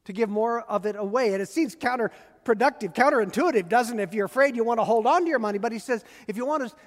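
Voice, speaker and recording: Older man, pastor, sermon, high voice, earnest and emphatic, long echoing reverb. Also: quick pace. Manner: earnest, warm and emphatic, repeats key phrases. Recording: long reverb of a large hall.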